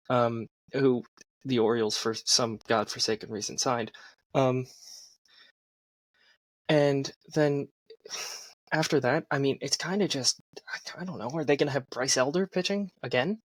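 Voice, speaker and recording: A man's voice: mid-range voice, dry recording. A man co-hosting a casual sports podcast, rambling as he makes his points. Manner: rambling, many fillers and restarts while making points. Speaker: podcast co-host.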